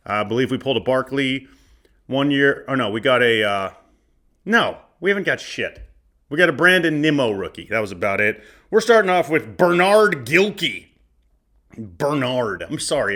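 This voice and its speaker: A podcast host in his forties from Arizona, USA, riffs through a box of cards, joking and swearing casually. His mid-range voice is bright with a forceful tone, fitting the comedic card-opening commentary.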